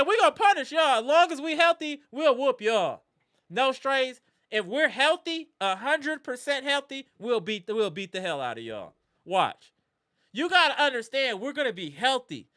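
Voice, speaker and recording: Brief: animated trash-talking basketball reaction host, bright, clean tone. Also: mid-range voice. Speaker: live sports reaction streamer. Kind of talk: casual sports reaction rant.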